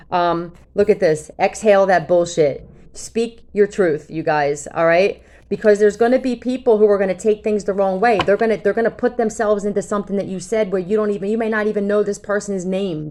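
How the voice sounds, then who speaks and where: A woman's voice: medium pitch, darkish tone, a little hiss or hum. A woman tarot reader talking casually to her viewers, blunt and cursing freely, often checking in with "okay?". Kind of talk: casual talk to camera.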